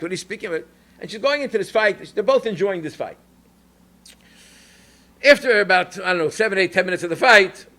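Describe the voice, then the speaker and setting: Brief: rabbi telling a family anecdote, lively and quick, Yiddish phrases throughout. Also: male voice, high-pitched. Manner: animated, anecdotal, Yiddish and Hebrew terms. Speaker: rabbi and educator. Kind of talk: storytelling Torah talk.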